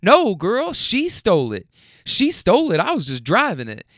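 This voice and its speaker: A man playing a young guy just out of jail who laughs loudly and argues his innocence. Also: sits high, wildly swooping pitch, normal speed, no echo, clean studio sound, pitched above the performer's own voice, heavily acted. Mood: defensive. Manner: loud, giggly, defensive.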